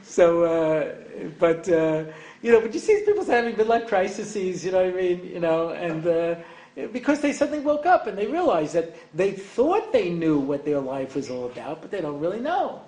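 A man's voice: high voice, very animated, moderate pace, warm tone. An older man giving an evening lecture to an audience, rambling and joking with many asides. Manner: rambling and joking, heavy on "you know". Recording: echoey room, faint ambience.

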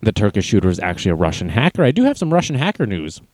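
A man's voice: on the low side, wildly swooping pitch, very fast, a little mellow, no room sound. A man hosting a casual livestream, reading chat messages and news aloud with sarcastic, mocking asides. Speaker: livestream host.

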